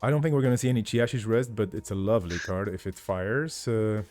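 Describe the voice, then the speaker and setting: A man's voice: fairly low pitch, fairly quick, darkish tone, no room sound, faint music behind. A man with a tired voice co-hosting a card game stream in casual chat, hesitant and full of fillers. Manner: hesitant, many fillers and restarts.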